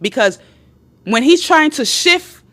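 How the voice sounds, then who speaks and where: A woman with a fairly high voice gives blunt, casual dating advice to viewers on a live stream. She is emphatic and animated, restates her points and swears freely as she talks. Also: takes it slowly.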